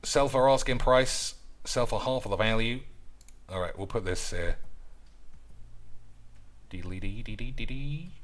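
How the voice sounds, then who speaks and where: A man's voice: mid-range voice, moderate pace, a bit bright. A man giving casual, crude and sarcastic gameplay commentary, swearing freely. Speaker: gaming video host.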